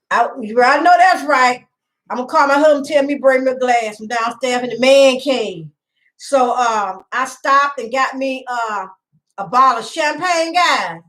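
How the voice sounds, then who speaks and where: Her voice a little high and fairly bright, a middle-aged livestream host chats rambly from home, greeting viewers by name and often laughing. The recording is low quality.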